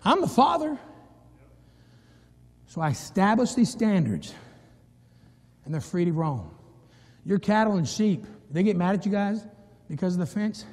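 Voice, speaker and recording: A middle-aged man preaching a sermon as pastor, swinging from hushed low passages to loud, high-pitched emphasis. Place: church sanctuary. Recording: long reverb from a church hall.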